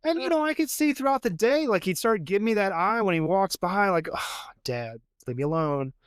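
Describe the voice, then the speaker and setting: A man's voice: sits high, a little fast, smooth, no room sound, studio quality. A man talking casually as a podcast guest, rambling and chatty, with lots of fillers and acted-out quotes. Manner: rambling and chatty, full of fillers, acts out what others said. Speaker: podcast guest, father and jewelry designer. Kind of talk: casual conversation.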